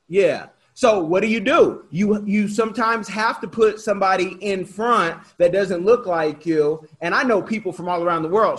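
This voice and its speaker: A man from Oakland hosting a casual interview, talkative and animated, often restarting his sentences. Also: sits high. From Oakland, California. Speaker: podcast host.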